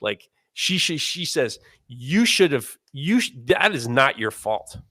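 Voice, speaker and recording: A man in his forties telling a self-mocking story in casual chat, animated and swearing as he talks. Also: mid-range voice, takes it slowly, no room sound, studio quality. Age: 40s. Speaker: podcast host.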